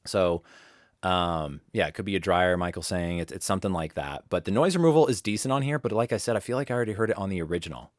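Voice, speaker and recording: Deep, animated, and fast, a voice-over coach runs a live webinar from his home studio. He chats casually, rambles, and keeps restarting sentences, with no echo in the recording.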